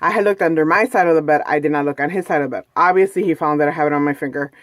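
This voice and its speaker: A woman's voice: low-pitched, rapid-fire, dry recording, clean studio sound. A woman vlogging from home, telling a personal story in a chatty, rambling way full of "like" and "you know". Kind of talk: casual personal storytelling vlog. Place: at home, indoors.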